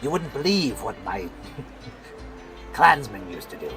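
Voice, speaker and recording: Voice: mid-range voice, big pitch swings, takes it slowly, over music, pitched below the performer's own voice. A player doing a teasing Scottish cat-folk brawler. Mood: wry. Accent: Scottish, put on.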